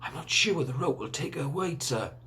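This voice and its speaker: A man's voice: a little high, expressive, moderate pace, sharp tone, slight background noise. A man voicing a young boy who is eager and easily puzzled. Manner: eager, questioning.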